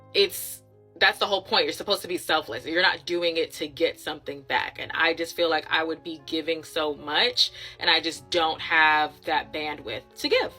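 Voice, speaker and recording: Candid woman, bright tone. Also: low voice. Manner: candid, reflective, chatty. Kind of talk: casual storytime to camera.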